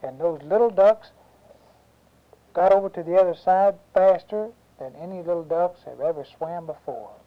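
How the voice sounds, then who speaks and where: An adult telling a children's story aloud, animated, with sound effects and questions to the listening kids. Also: medium pitch, moderate pace. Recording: dull lo-fi home recording.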